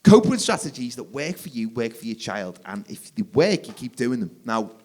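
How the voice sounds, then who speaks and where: A man in his forties doing a stand-up comedy set, energetic, jumping to loud shouted punchlines. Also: mid-range voice, moderate pace. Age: 40s. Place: theatre stage, live audience.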